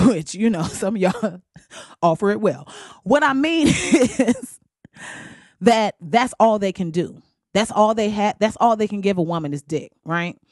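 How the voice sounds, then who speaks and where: Brief: young woman vlogger, candid and profane, slightly high voice, dry sound. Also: dry recording. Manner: blunt, profane and animated, laughing often. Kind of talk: candid casual monologue.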